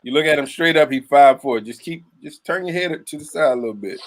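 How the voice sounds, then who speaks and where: A man's voice: fairly high pitch, fairly quick. A man on a casual podcast panel, teasing and joking and laughing often.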